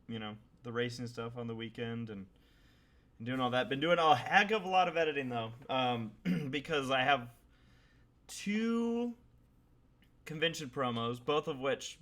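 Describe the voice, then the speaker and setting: A man's voice: medium pitch, a bit bright. Chatty man rambling on a podcast. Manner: rambling, chatty, lots of fillers and restarts. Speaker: podcast host. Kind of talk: casual podcast chat.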